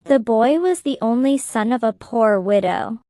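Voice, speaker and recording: Slow, clear woman reading a story. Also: on the high side, expressive, mellow, no echo, clean studio sound. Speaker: narrator. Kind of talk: slow graded-reader story narration.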